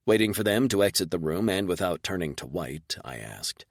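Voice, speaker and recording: Brief: male audiobook narrator, lowish and terse, dead-dry studio sound. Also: very animated, normal speed, creaky, hardly any pauses, no room sound. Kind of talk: scripted first-person narration.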